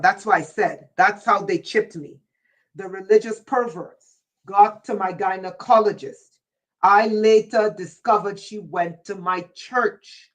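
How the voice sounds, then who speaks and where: A woman's voice: lowish voice, far from the mic, rough recording. A woman hosting a livestream, delivering a rambling, intense monologue in a warning tone and answering viewers' chat comments by name. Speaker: livestream host.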